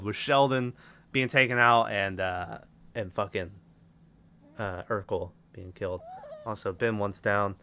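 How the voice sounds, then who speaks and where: A man's voice: medium pitch, bright, forceful tone. A man co-hosting a podcast, recapping a movie plot casually, swearing often and giggling. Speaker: podcast co-host.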